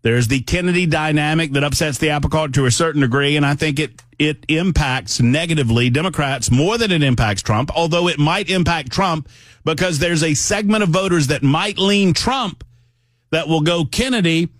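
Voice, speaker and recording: A man's voice: fairly high pitch, normal speed, fairly bright tone, dry recording, clean studio sound. A man hosting a political talk radio show, speaking in a conversational, emphatic monologue that often wanders off on tangents.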